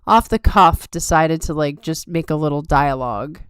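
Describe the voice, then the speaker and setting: A woman's voice: low voice, moderate pace, clean tone, dry recording, clean studio sound. A woman hosting a casual live-stream chat, upbeat and chatty, reading comments aloud, tired late at night. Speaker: podcast host.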